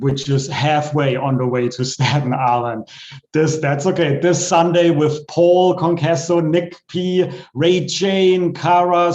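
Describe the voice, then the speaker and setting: A man's voice: fairly high pitch, darkish tone. A man from New York at an online open mic, reading a silly rhyming poem in a playful, self-mocking way over a webcam. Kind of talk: rhyming comic poem recitation. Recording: roomy, dull online call audio.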